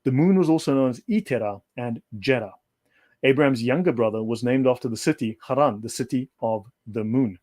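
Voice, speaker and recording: A man's voice: mid-range voice, a little fast, a little mellow. Guest on a livestream: an emphatic man who lectures and circles back to repeat his points, mid-range voice. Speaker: guest speaker. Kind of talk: livestream discussion.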